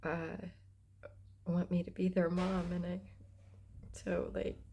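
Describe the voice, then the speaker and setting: Low gravelly woman, soft and heartfelt. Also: level tone, slow pace, slight background noise. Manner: soft, drifting into whispers, laughs often. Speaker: mother sharing reflections. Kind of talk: casual heartfelt vlog talk.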